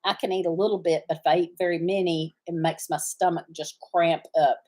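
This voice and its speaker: A middle-aged woman with a drawl and a mellow, steady, lowish voice chats casually with livestream viewers from her farm. She hosts a farm channel, and her talk rambles from thought to thought, often pausing as she hunts for a word.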